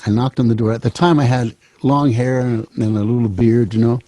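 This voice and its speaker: A man's voice: mid-range voice, fairly even intonation, brisk, mellow, no echo. A man in his seventies, a show host telling a rambling personal story, repeating and restarting phrases as he goes. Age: 70s.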